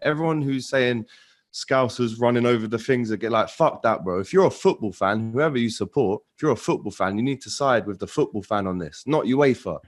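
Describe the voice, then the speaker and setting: A man's voice: medium pitch, brisk. A man from London giving a heated, ranting take as a guest in a casual chat.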